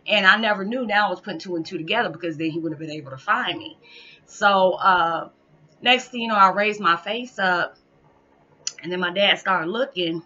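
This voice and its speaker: A woman's voice: medium pitch, normal speed, bright, forceful tone, dull audio. A woman vlogger telling a spiritual story in a chatty, rambling way, often restarting and laughing. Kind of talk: casual storytelling monologue.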